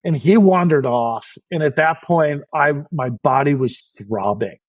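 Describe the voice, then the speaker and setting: A man's voice: fairly high pitch, unhurried, no echo, muffled recording. Brief: middle-aged man, candid storyteller, dry studio sound. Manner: frank, self-deprecating, many restarts. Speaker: podcast guest.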